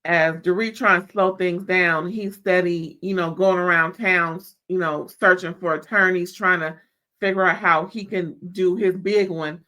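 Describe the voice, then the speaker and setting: Woman w/ aave gossiping thru a reality show recap, animated, lots of drawn out "girl" and "mm-mm". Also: fairly low pitch, unhurried. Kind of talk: casual chat recap.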